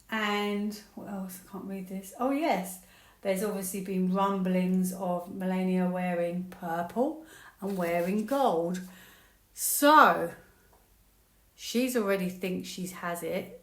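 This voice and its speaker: A woman reading tarot cards to camera in a chatty, excitable, conspiratorial way. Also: mid-range voice, echoey room. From United Kingdom. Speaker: tarot reader.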